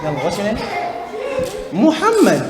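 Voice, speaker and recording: A man's voice: high voice, huge pitch swings, some chatter behind. Playful man teaching recitation in a hall. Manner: encouraging, playful, demonstrates recitation slowly. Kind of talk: interactive tajweed workshop. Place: large room with students. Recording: echoey hall, faint ambience.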